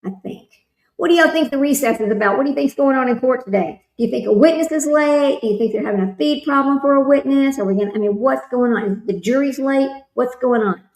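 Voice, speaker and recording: A woman's voice: high voice, quick pace, hardly any pauses, darkish tone, echoey room, low-quality recording. A woman hosting a casual livestream, rambling and talking straight to her viewers. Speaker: livestream host.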